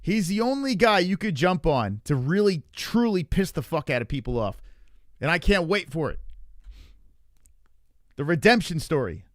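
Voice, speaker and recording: A man's voice: fairly high pitch, big pitch swings, moderate pace, pauses often, no echo, studio quality. A young man streaming live, ranting loosely about fights with lots of swearing and reacting to chat. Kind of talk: livestream fight talk.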